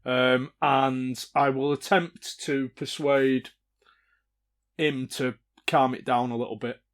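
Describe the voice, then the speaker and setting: A man's voice: mid-range voice, fairly even intonation, takes it slowly. A man, a player in a tabletop game, hesitant and full of fillers. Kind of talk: casual tabletop game chat.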